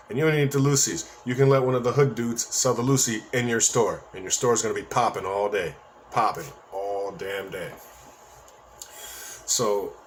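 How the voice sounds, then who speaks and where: A man's voice: fairly low pitch, fairly bright tone, slight background noise. A man telling a story from his own life in a casual, rambling monologue, with profanity and joking asides.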